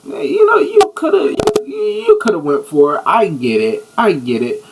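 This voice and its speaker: A man co-hosting a podcast in casual chat, playful and animated, often repeating words. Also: high voice, normal speed, gravelly, few pauses, background noise. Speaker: podcast co-host.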